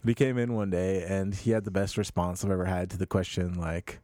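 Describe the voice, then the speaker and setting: Low-voiced man telling halting anecdotes. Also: steady tone, warm tone, dry recording, clean studio sound. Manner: halting, with many fillers, acts out customers. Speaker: podcast co-host, comic shop employee. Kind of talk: casual chat, telling anecdotes.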